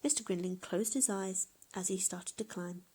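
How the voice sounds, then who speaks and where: A woman reading a children's picture book aloud in a gentle, expressive way. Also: medium pitch, moderate pace, husky. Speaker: storyteller. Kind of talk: children's story read-aloud.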